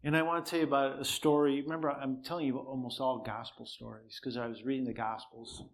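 Guy preaching, chatty storytelling, dry jokes, can't really shout. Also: medium pitch, level tone, fast talker, creaky. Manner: storytelling, conversational, self-deprecating humor. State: cannot shout, voice strained. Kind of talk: sermon with personal story.

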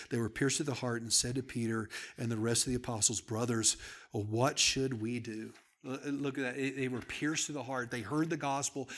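Bright-voiced preacher swinging hushed to loud. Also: male voice, mid-range voice. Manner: storytelling, swings from hushed to shouting. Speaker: pastor. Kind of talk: sermon.

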